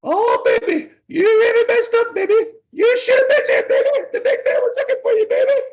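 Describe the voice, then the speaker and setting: A man doing an impression of an excitable male wrestling manager, shouting in a squealing, laughing voice. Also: fairly quick. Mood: gleeful teasing. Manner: high-pitched, shouted, laughing delivery.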